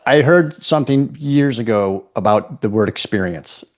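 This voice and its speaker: Middle-aged male guest, mid-pitched voice, reflective and measured, restarts his phrases. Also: animated. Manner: thoughtful, repeats words as he restarts. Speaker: podcast guest. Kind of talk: reflective interview talk.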